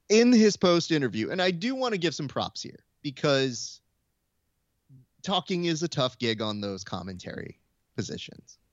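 A man hosting a podcast in casual chat, animated and acting out quotes as he talks. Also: medium pitch, no echo, lo-fi sound. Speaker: podcast host. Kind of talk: casual chat about combat sports.

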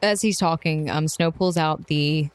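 Lively young woman playing her character. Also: deep voice, a little slow, no room sound. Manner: lively, laughing, animated in character. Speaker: player. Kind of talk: tabletop role-play, narrating her character.

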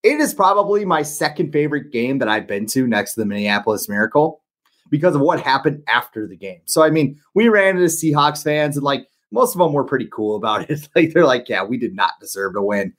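A man's voice: fairly high pitch, big pitch swings, fairly quick, a bit bright. A man co-hosting a podcast, telling a rambling story in casual chat, full of "like" and restarts. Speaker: podcast co-host.

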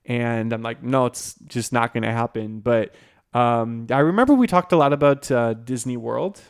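A man's voice: medium pitch, moderate pace, clear, resonant tone. A young man co-hosting a podcast, telling a story in a casual, chatty, self-deprecating way with lots of fillers. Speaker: podcast co-host.

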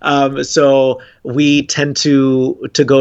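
A man speaks in an earnest, rambling way on a casual podcast, often breaking into a laugh. His voice sits at an ordinary pitch. The sound is dull and somewhat lo-fi. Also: fairly even intonation, slow. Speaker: spiritual guest.

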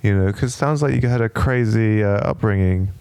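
A man's voice: fairly low pitch, a little fast, a little mellow, a little hiss or hum. A man hosting a casual podcast, speaking hesitantly and repeating his words. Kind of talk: casual chat.

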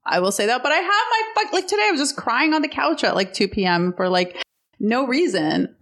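A woman's voice: on the high side, sing-song, fairly quick, a bit bright. A woman from Alabama talking as a guest in a casual chat, candid and rambling with lots of restarts. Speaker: guest comedian.

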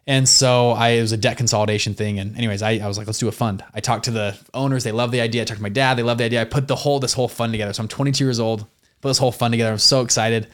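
A young man talks quickly as a guest in a casual interview. He tells stories in a chatty, slangy way, full of fillers and asides. His voice sits at an ordinary middle pitch for a man. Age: young adult. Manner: animated, slangy, many fillers. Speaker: entrepreneur guest.

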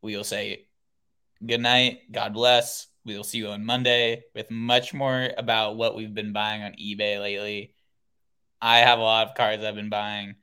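Bright-voiced laid-back male podcast host. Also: on the low side, level tone, unhurried, clean tone. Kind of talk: casual chat, sign-off.

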